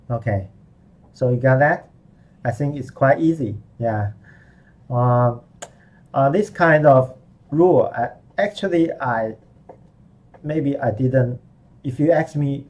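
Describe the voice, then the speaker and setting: Man, Mandarin speaker, language teacher, patient explainer, unhurried delivery, mellow tone. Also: medium pitch, rough recording. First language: Mandarin Chinese. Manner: patient, repeats and restarts while explaining. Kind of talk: live online grammar lesson.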